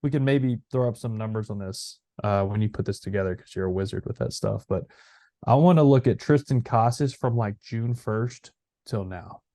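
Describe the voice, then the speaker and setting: A man in his thirties, a former player co-hosting a podcast, telling stories in an animated way with many fillers. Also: on the low side, moderate pace, dry recording. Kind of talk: casual chat.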